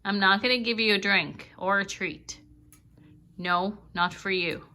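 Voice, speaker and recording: A woman talks slowly to her pet bird and her viewers, firm "no"s mixed with sing-song baby talk. Her voice is bright and clear, and she takes her time over each phrase. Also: medium pitch, fairly even intonation. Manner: scolding firmly, then cooing in baby talk. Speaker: pet owner filming her parrot. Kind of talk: casual vlog talking to a pet and viewers.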